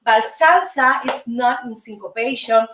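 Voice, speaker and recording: A woman's voice: fairly high pitch, measured pace, sharp tone, a little hiss or hum. A woman with a Cuban Spanish accent hosting a salsa dance lesson, counting steps aloud and chanting rhythm syllables, encouraging her viewers as friends. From Cuba. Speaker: host and dance teacher. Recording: roomy echo, voice from far off, music behind. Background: salsa music.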